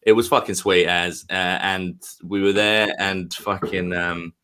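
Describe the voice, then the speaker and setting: A man's voice: low voice, steady tone, a little slow, pushed and bright, a little hiss or hum. A man co-hosting a casual chat, telling a rambling, profane story with many fillers. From United Kingdom. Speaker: podcast co-host, comedian.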